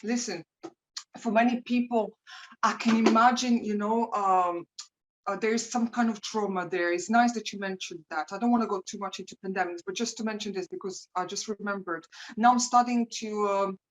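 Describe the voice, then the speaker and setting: A woman's voice: mid-range voice, moderate pace, poor audio. A woman talking as an interview guest over a video call from home. She chats freely, laughs often and repeats words as she goes. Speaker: interview guest, rapper and preacher.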